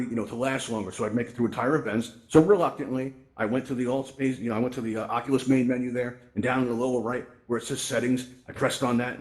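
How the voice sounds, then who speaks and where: A man talks quickly and casually, walking listeners through practical tips as if chatting with friends. He is folksy and direct, tossing in "right?" and "you know" as he goes, and sounds like he is speaking into a headset microphone. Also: medium pitch. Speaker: presenter in a VR tech event. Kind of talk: casual instructional talk to a live audience. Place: virtual reality social space.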